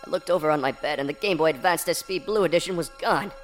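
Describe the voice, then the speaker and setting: Deadpan man telling a parody horror story. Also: fairly high pitch, fast. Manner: deadpan storytelling with absurd twists. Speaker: narrator. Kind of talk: comedic horror story narration. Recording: faint background music.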